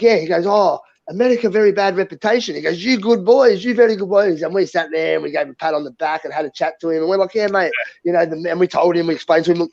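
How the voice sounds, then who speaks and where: An Australian man talks in quick, rough, gravelly bursts, blunt and full of swearing as he spins stories with quoted back-and-forth. His voice sits a bit high for a man. The audio is dull and lo-fi. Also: a little mellow. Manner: blunt and profane, tells stories with quoted dialogue. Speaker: co-host. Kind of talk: casual podcast banter.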